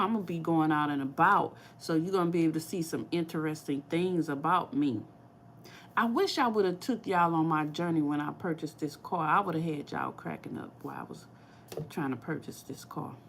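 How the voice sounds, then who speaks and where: A woman's voice: deep voice, slight background noise. A woman with a St. Louis accent chatting casually to viewers on a live cooking vlog, laughing often. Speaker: cooking vlogger. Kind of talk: casual live-stream chat.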